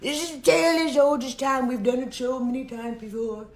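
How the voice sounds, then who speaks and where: A woman's voice: high-pitched, fairly even intonation, fairly quick, roomy sound. Woman doing a rambling smug president man. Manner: rambling, repeats catchphrases.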